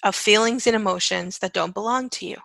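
A woman leads a guided self-help talk with a gravelly edge to her voice. She repeats phrases like a chant, and her delivery is conversational and full of check-ins. Her tone is bright and the sound is very dry. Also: mid-range voice, a little fast, dry recording, low-quality recording. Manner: conversational, frequent "okay" and "right". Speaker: energy-clearing facilitator.

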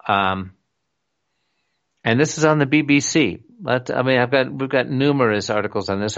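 Low-voiced rambling radio talk host. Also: male voice, dull audio. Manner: rambling, many fillers, reads articles aloud.

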